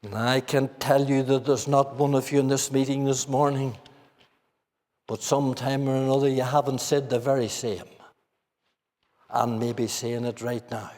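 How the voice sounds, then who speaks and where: Earnest Northern Irish preacher in a hall. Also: male voice, medium pitch, level tone, moderate pace, a little mellow. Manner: earnest preaching, rhetorical questions to the congregation. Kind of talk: sermon. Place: church meeting hall.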